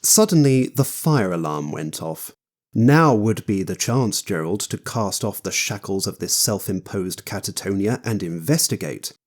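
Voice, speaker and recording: A man's voice: lowish voice, lively intonation, a little slow. A man giving scripted audiobook narration as a wry, theatrical storyteller.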